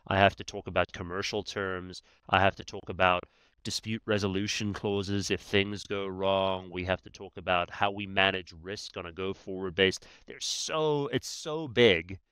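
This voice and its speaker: A man's voice: low voice, normal speed, a bit bright, clean tone, dry recording. A man, a guest expert on negotiation, talking in a conversational way and often tagging his points with "right?". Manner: emphatic, many "right?" tags. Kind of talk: conversational explaining.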